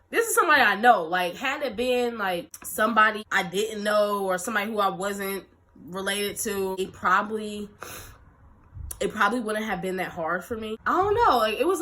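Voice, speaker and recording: A young woman vlogger telling a story in a lively, animated way, acting out quotes and laughing often. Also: medium pitch. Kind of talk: storytime vlog.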